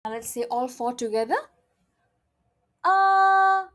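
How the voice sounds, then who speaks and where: A woman's voice: on the high side, very animated, unhurried, warm tone, breathy edge. A woman teaching a friendly beginner Mandarin lesson, often checking in with "okay?" in a playful, encouraging way.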